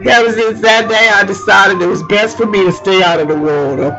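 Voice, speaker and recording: A woman's voice: mid-range voice, steady tone, a little slow, long pauses, fairly bright tone. A woman from tells a rambling personal story, laughing often and searching for words. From Louisiana. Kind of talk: personal anecdote told aloud. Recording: lo-fi recording with music behind.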